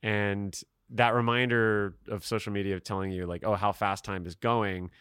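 Podcast co-host, young man from South Florida, low voice, dry close sound, musing and rambling. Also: level tone, normal speed, fairly bright tone, clean tone, no echo. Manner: reflective, rambling with many fillers. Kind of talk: casual podcast chat.

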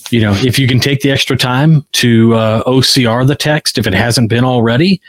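A man's voice: mid-range voice, moderate pace, dry recording. Guy cohosting a podcast, easygoing and rambly, lots of uhs, dry close sound. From Illinois, US. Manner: relaxed, rambling with many fillers. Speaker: podcast co-host. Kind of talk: casual chat.

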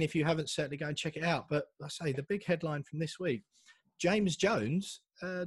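A man from England hosting a football podcast, reading a formal intro and then chatting briskly with his co-hosts. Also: a little high, no echo. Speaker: podcast host. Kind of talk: casual chat with scripted intro.

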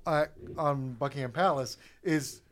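A man's voice: medium pitch, unhurried, fairly bright tone. A man co-hosting a casual podcast, wry and opinionated, tossing in quips. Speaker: podcast co-host. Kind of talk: casual chat.

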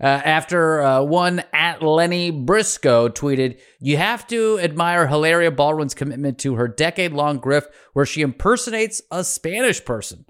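Joking male podcast host, smooth voice. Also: a little high, lively intonation, moderate pace, hardly any pauses, fairly bright tone. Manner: joking, laughs often, swears. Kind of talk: casual chat.

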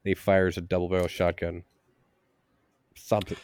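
A man's voice: deep voice, flat delivery, moderate pace, a little mellow, clean tone. A man co-hosting a podcast in casual comedic chat, playful and jokey. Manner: playful, jokey, slips into silly voices. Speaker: podcast co-host.

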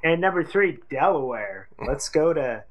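A woman's voice: deep voice, lively intonation, measured pace. Playful female radio co-host. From Colorado. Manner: playful, jokey, slips into silly voices. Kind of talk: casual radio banter.

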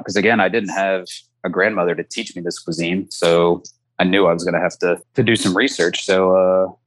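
A man's voice: low-pitched, a bit bright, no room sound, low-quality recording. A man, a chef, talking candidly in a casual interview, rambling a little and swearing now and then. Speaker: chef guest.

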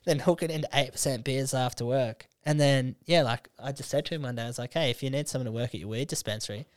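A young Australian man, a comedian guest, telling stories in casual podcast chat, swearing freely and slipping into quick character voices. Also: medium pitch, no room sound, clean studio sound.

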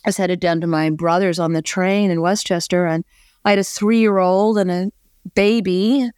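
A woman's voice: lowish voice, fairly even intonation, normal speed, a little mellow, clear, resonant tone, no room sound, studio quality. A middle-aged woman, a podcast guest, earnestly telling a personal story with lots of "you know" fillers.

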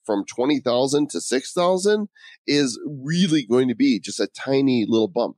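A man's voice: medium pitch, animated, moderate pace, darkish tone, dry recording, studio quality. A man co-hosting a podcast in casual chat, joking around and reading out bits of articles. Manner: joking, reads out article quotes. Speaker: podcast co-host.

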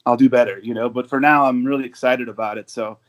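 A man's voice: medium pitch, steady tone, quick pace. A man from the United States, a guest on a casual podcast, telling long stories with lots of fillers and restarts. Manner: rambling storyteller with many fillers and restarts. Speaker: guest, overseas football supporter.

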